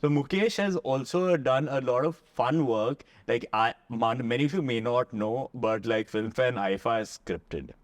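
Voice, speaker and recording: A man's voice: medium pitch, normal speed, few pauses, dry recording. A man with an Indian accent hosting a casual interview, asking questions and joking with his guest. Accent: Indian English. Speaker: podcast host.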